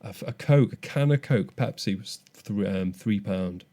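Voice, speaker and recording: A man's voice: lowish voice, normal speed, warm tone. A young man co-hosting a podcast, telling a story animatedly with frequent restarts. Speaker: podcast co-host. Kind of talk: casual chat.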